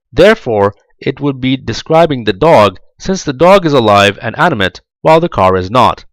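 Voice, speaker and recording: Animated man in dry instructional voice-over. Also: mid-range voice, dry recording, rough recording. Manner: slow, deliberate, clearly enunciated. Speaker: tutorial narrator for job applicants.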